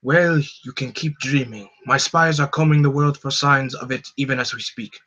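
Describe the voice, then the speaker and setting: A man's voice: medium pitch, steady tone, normal speed, sharp tone, muffled recording. A man voicing a menacing, power-hungry male villain in a comic book live read, with an emphatic, sneering delivery. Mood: gloating.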